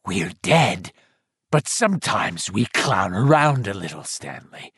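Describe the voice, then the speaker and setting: A man reading an audiobook, voicing a chorus of drowned dead children with a low, bubbling voice choked with mud, slow and mocking. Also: very animated, fairly bright tone, slightly rough, no echo, clean studio sound, exaggerated voice. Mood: menacing. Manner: slow, drawn-out, half-whispered.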